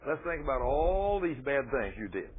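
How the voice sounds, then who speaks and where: A preacher voicing a taunting male devil in a raised, high voice. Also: sing-song, moderate pace, slightly rough. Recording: tinny phone-like radio broadcast.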